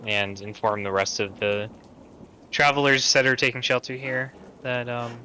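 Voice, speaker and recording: A man playing an online tabletop game, calm and steady, speaking partly in character. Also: mid-range voice, normal speed, a little hiss or hum, low-quality recording. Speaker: player.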